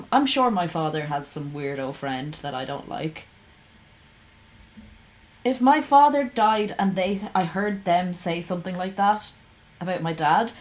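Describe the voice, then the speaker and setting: A woman's voice: mid-range voice, low-quality recording. A woman streamer giving casual reaction commentary to her chat, heated and ranting, swearing freely.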